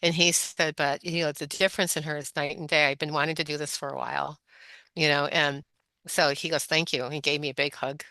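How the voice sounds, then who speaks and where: A woman with a somewhat low, bright and forceful voice, captured on a dry close mic. She tells anecdotes in a loose, rambling way, looping back with "you know" as she goes. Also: a little fast, dry recording. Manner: rambling, animated storytelling with many "you know"s. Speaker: guest, functional medicine practitioner. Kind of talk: storytelling interview.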